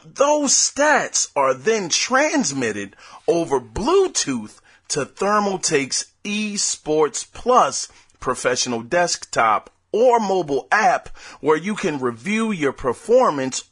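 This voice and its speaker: A young adult man hosting a casual gaming news podcast, rambling and excitable as he talks off the cuff. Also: a little high, husky. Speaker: podcast host.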